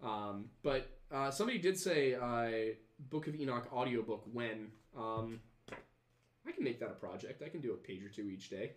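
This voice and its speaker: A man's voice: medium pitch, lively intonation, moderate pace, slight background noise. Guy hosting a podcast, reading comments, lots of ums and restarts, roomy echo. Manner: rambling, hesitant, lots of fillers and restarts. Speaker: podcast host. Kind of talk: casual chat, reading viewer comments.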